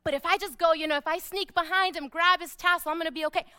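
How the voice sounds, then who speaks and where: Preacher doing a nervous, secretive woman, light and high. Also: steady tone, quick pace, pushed and bright. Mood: timid. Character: timid ashamed woman, sneaking and afraid.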